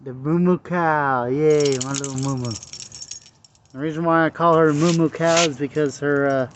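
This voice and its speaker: A man's voice: a little high, steady tone, normal speed. A man filming his dogs outdoors at home, calling and coaxing them in a casual, sweet way on a handheld camera. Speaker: dog owner filming his pets. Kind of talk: casual home video talk to pets. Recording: dull lo-fi camera audio with faint noise.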